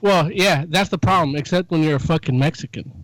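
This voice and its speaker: A man's voice: on the high side, brisk, a bit bright, dry recording, poor audio. A man in a casual podcast chat who makes wry, provocative jokes and swears freely.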